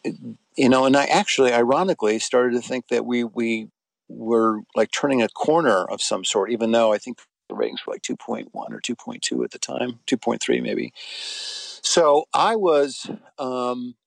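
A man's voice: medium pitch, moderate pace, vocal fry, dry recording. A middle-aged man being interviewed, telling a personal story in a rambling, conversational way with frequent restarts. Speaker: interview guest.

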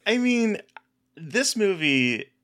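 A man's voice: sits high, big pitch swings, drawn-out words, fairly bright tone. Hesitant man reviewing a movie. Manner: hesitant, repeats words while thinking. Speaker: podcast co-host. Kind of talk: casual movie review chat.

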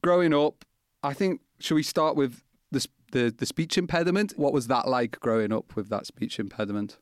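A man hosting a podcast, reading a scripted introduction and asking measured questions. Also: mid-range voice, no room sound, studio quality. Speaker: podcast host.

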